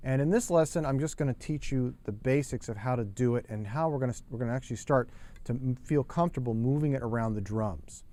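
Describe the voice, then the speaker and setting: A man's voice: mid-range voice, fast, warm tone. A man teaching a drum lesson, explaining step by step and calling out hand patterns aloud. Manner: patient, step-by-step, counts sticking patterns aloud. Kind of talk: instructional lesson.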